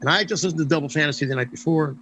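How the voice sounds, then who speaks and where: Older New man telling animated stories. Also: fairly high pitch, racing, highs cut off, slight background noise. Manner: animated storyteller, acts out quoted dialogue. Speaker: interview guest. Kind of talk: storytelling anecdotes in a casual interview.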